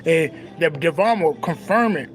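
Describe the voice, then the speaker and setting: A man's voice: on the high side, animated, moderate pace, poor audio. A young man, talking casually and profanely with swagger, laughing often. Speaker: spiritual talk host. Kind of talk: casual spiritual monologue.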